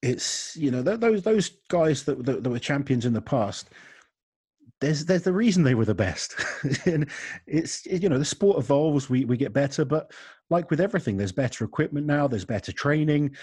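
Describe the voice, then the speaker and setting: A man with a husky voice hosting a casual podcast chat in an easygoing way. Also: mid-range voice, lively intonation, normal speed, a little mellow, dry recording, clean studio sound. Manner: easygoing, frequent fillers. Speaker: podcast host.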